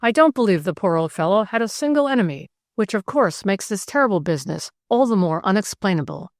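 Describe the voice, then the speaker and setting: A woman's voice: medium pitch, animated, fairly quick, dry recording, studio quality, lightly acted. A woman voicing a genteel older male country vicar who speaks earnestly and exclaims easily. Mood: fussy.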